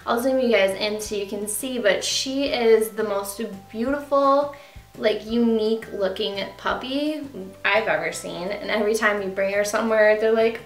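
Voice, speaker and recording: A young woman chatting in a casual home vlog, gushing about her puppy and slipping into high baby talk. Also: normal speed, roomy sound. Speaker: beauty vlogger. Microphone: camera with ring light.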